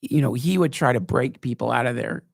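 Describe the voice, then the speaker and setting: A man hosting a podcast, telling rambling, profane stories in a wry, casual way, now and then jumping into high mocking voices. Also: brisk, vocal fry, no echo, clean studio sound. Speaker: podcast host. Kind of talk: casual storytelling monologue. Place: live show.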